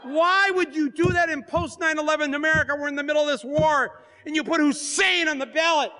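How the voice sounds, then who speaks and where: A man, an author and filmmaker, telling comic stories to a live audience in an animated, joking way, acting out the scenes. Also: extremely high pitch, fairly quick. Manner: animated, joking, acts out scenes and voices, often breaks into laughter. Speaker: author and filmmaker giving a talk. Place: stage at a book fair.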